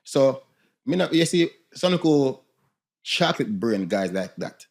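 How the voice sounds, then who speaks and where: A man's voice: medium pitch, a little slow, vocal fry. A man with a Jamaican accent holds forth on a podcast. His mid-range voice rises and drops as he lectures animatedly. He speaks as though setting a younger listener straight. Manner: animated, lecturing, laughs at his own jokes. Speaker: podcast co-host. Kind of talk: casual podcast discussion.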